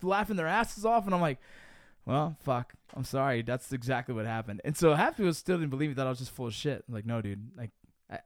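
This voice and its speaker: Young guy, quick, swears constantly, dude-and-bro storyteller, dry close mic. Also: on the high side, no room sound. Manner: profane, animated, says dude and bro. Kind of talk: casual storytelling chat.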